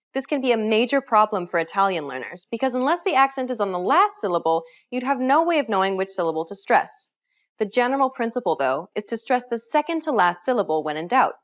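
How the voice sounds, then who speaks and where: A woman narrating a scripted pronunciation lesson in a clear, instructive manner. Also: fairly high pitch. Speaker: language teacher.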